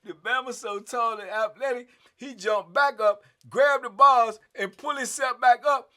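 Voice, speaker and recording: A middle-aged man, telling prison stories in a casual, animated way and acting out what others said. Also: very high-pitched, moderate pace. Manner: animated, acts out quotes, frequent "man". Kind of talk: casual storytelling.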